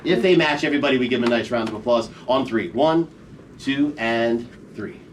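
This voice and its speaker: A man's voice: mid-range voice, a little fast. A middle-aged man performing a comedy magic show on stage, bantering and teasing volunteers as he leads each trick. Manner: playful, teasing audience banter. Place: theater show room, recorded from the audience. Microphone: audience member's camera from the front row. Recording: distant stage voice with faint room noise.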